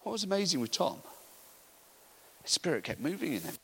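A middle-aged man telling an animated story in a sermon, acting out the voices of the people in it. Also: sits high, a little fast, creaky, slightly rough, poor audio. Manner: animated storytelling, acts out voices, laughs often. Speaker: preacher. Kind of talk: sermon anecdote.

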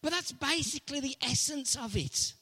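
High-voiced man preaching in a hall. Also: normal speed, pushed and bright. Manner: storytelling, emphatic repetition. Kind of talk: sermon. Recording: long reverb of a large hall.

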